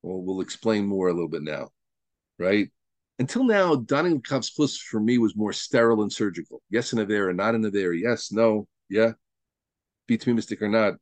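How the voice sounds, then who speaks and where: A man's voice: fairly low pitch, animated, moderate pace, no room sound. A rabbi giving a Torah lesson to a study group, emphatic and repeating words as he builds each point, with Hebrew and Yiddish terms mixed into his teaching.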